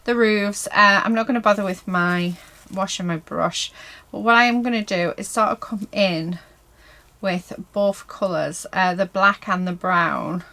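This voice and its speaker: A woman's voice: medium pitch, fairly even intonation, unhurried, bright, forceful tone, low-quality recording. Woman vlogging her craft, chatty, lots of um and so yeah, talks to herself as she paints. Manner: chatty, heavy on fillers like "so yeah" and "um". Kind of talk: casual chat while crafting. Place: indoors at a craft table.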